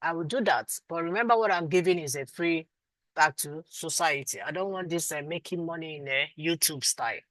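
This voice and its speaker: A woman's voice: low voice, brisk, a bit bright, no room sound, poor audio. A Nigerian woman teaching a live online class and answering students, affectionate with them but firm about doing the work. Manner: affectionate, calls students sweetie and my love. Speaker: instructor.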